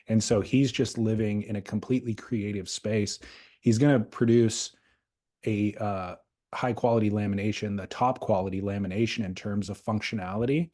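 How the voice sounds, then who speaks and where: A man's voice: lowish voice, steady tone, moderate pace, warm tone. Easygoing man rambling on a surf podcast. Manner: thoughtful, loose and rambling with restarts. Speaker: podcast host. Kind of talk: casual chat.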